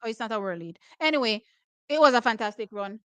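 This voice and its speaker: Hoarse jamaican lady reacting to races, loud and excitable, high sharp voice. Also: quick pace, no room sound, poor audio. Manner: excitable, loud exclamations, switching between patois and English. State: hoarse, losing her voice. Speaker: track and field watch-party host. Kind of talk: live race reaction commentary.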